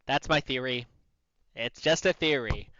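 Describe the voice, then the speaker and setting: A man's voice: medium pitch, unhurried, pushed and bright, no room sound. A man playing in a tabletop game, talking bluntly with a wry edge. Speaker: player. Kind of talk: casual tabletop play. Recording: muffled lo-fi mic.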